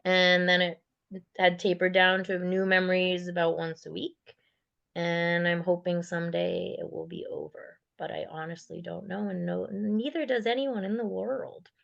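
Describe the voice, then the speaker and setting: A woman's voice: fairly low pitch, flat delivery, normal speed, vocal fry, dull audio. A woman giving a candid personal testimony in a raw, blunt and profane way, with bitter sarcasm. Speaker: guest sharing her survivor story.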